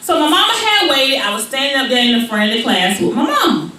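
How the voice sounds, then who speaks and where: On stage at a live comedy venue, a fast-talking woman stand-up tells a story and acts out its characters with big jumps in pitch. The sound is echoey, with a far-off mic and faint ambience.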